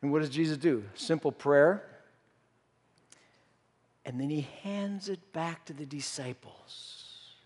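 A man's voice: fairly high pitch, slow, pauses often, a little mellow. A man preaching a sermon, telling a story and acting out the disciples' voices. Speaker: pastor. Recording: reverberant hall.

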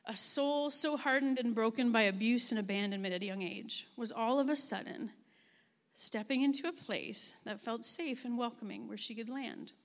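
A woman giving a heartfelt spoken testimony as a camp ministry leader, earnest and gentle, with pauses as she tells a story. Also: on the high side. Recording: long reverb of a large room.

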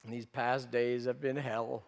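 A man playing the disciple Peter in a dramatic first-person monologue, anguished, swinging between urgent outbursts and hushed confession. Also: medium pitch, level tone, measured pace, vocal fry. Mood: grieving. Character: remorseful male disciple Peter, grown man haunted by guilt. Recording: long reverb of a large hall.

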